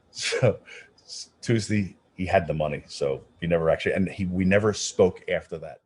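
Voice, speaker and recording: Middle-aged opera guy telling stories, kinda husky and lowish, restarts a lot. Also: normal speed. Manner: animated storyteller, many restarts, acts out quoted voices. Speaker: opera singer, interview guest. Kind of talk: casual storytelling interview.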